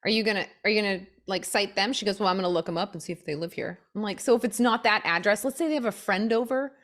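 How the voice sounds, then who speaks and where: A young woman with a mid-range voice talks fast while co-hosting a podcast. In casual conversation she tells stories animatedly, acting out the quotes of the people in them.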